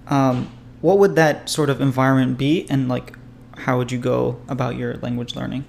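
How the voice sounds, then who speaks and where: Podcast host, gravelly voice, laid back, laughs along, a bit of hiss. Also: mid-range voice, normal speed. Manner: relaxed, laughs along, short replies. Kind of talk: casual chat.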